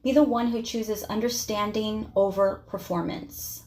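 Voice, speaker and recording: Slow, emphatic woman preaching a point. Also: medium pitch, fairly even intonation, darkish tone. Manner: emphatic, sermon-like repetition. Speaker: vlogger. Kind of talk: impassioned spoken commentary.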